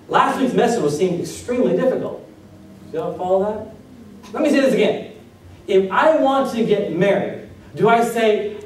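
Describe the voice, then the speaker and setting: Man, pastor, conversational sermon, high voice, distant mic, echoey church hall. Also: slight background noise. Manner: conversational, joking with the congregation, asks them questions. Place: church sanctuary. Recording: echoey hall recorded from far off.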